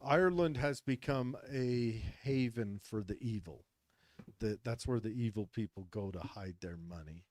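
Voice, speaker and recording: A man's voice: on the low side, moderate pace, dry recording, clean studio sound. A man co-hosting a podcast in casual chat, rambling with frequent restarts as he reads out a news story. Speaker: podcast co-host.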